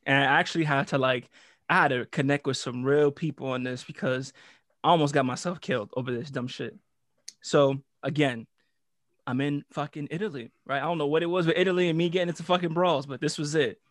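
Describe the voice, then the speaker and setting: A young American man casually telling a wild story, animated and full of profane slang. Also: on the high side, a little fast, dry recording, studio quality. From United States. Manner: animated, profane street slang, acts out quotes.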